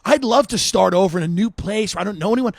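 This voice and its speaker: A man's voice: high-pitched, fast, gravelly, no room sound. A middle-aged man hosting a podcast, telling a comedic anecdote in a rambling way with lots of asides. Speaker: podcast host. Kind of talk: comedic storytelling.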